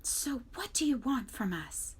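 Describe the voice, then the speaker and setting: A woman's voice: a little high, sing-song, measured pace, slightly rough, pitched above the performer's own voice, exaggerated voice. A woman voicing a sly, hungry male fox in a children's book read-aloud.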